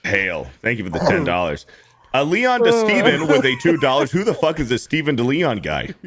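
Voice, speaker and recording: A man's voice: mid-range voice, huge pitch swings, moderate pace, a loud crowd. A man hosting a casual livestream, reading viewer messages aloud while hiccuping, profane and laughing through them. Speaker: host reading super chats.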